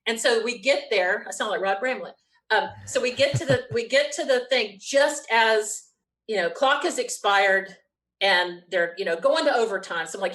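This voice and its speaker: A woman, a guest telling an animated story with quick bursts and frequent laughter. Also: fairly high pitch, poor audio. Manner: lively, quick storyteller who laughs often. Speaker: interview guest.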